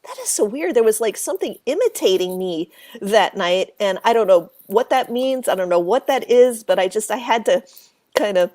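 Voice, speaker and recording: A woman guest telling a spooky story in a casual interview, animated, acting out quoted voices and laughing often. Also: medium pitch, moderate pace. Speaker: author and paranormal researcher, guest.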